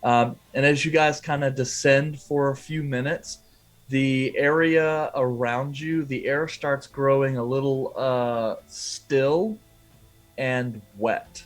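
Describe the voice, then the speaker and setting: A man narrating a tabletop adventure as game master. He describes the scene haltingly, with many fillers. His voice sits at a middle pitch. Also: fairly even intonation, soft background music.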